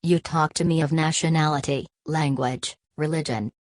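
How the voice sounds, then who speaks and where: A proud, aloof young man speaks with a cool, cutting edge, read by a woman. The voice sits very low and deep. The recording is close and dry, with no room sound. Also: steady tone, normal speed, no echo, natural voice.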